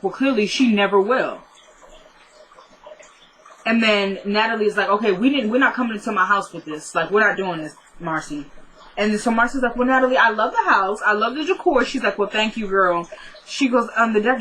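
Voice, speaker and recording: A young woman casually recapping a TV episode, acting out the characters' lines by jumping her pitch up and down. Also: fairly bright tone, rough recording.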